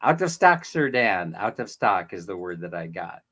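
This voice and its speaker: A middle-aged Californian man with a matching accent hosts a casual livestream, rambling, laughing, and greeting viewers by name. His low voice is very animated, pushed and bright, at a moderate pace.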